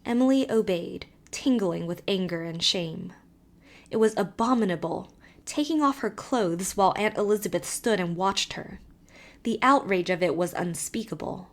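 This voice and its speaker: Female audiobook narrator, measured and expressive. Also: medium pitch. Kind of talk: scripted narration.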